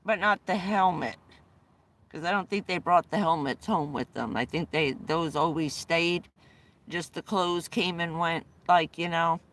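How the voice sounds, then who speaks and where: A woman's voice: lowish voice, fairly bright tone. A middle-aged woman telling family stories casually on a livestream, rambling with frequent restarts and bursts of laughter, speaking from inside a vehicle. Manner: rambling, restarts often, laughs between anecdotes.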